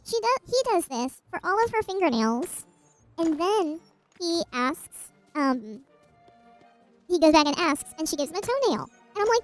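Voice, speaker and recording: A woman's voice: very high voice, very animated, measured pace, faint music behind, poor audio. A woman streamer casually retelling a myth while gaming, rambling with asides and restarts.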